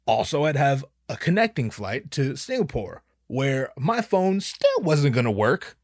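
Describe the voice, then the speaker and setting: A man telling a personal anecdote in an animated, profane, emphatic way. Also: mid-range voice, a little slow, dry recording, clean studio sound. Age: young adult. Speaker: storyteller.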